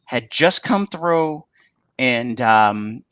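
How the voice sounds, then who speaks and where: A man tells a story as a podcast guest, speaking in a middle-pitched voice. He acts out every line of quoted dialogue, jumping up and down in pitch and stumbling over restarts. The sound is close and dry, with no room echo at all. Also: lively intonation, drawn-out words, a bit bright, clean tone. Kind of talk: casual storytelling interview.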